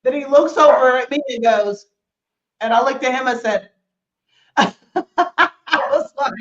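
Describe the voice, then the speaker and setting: A woman telling a story on a podcast in a lively, animated way, acting out the people in it and slipping into Spanish. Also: sits high, normal speed, echoey room, highs cut off, a little hiss or hum.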